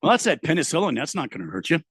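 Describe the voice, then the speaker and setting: A man's voice: a little high, very animated, rapid-fire, fairly bright tone, breathy edge, dry recording. A man co-hosting a radio talk show, chiming in with easygoing, folksy remarks. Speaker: radio co-host. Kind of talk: casual sports radio banter.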